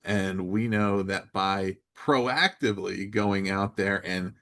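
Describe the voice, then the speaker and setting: A man's voice: sits low, slow, a bit bright. A man hosting a podcast interview, talking in an emphatic, conversational way and building his points up as lists. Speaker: podcast host.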